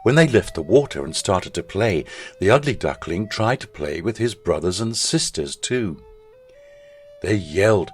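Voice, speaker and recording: A man, a school chaplain, narrating a children's story in an expressive storytelling manner. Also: sits low, measured pace, husky, faint music behind.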